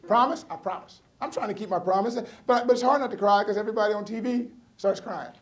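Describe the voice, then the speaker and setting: A middle-aged man performing stand-up comedy, telling a personal story with wry, punchy asides and sharp comic timing. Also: high-pitched, fast talker.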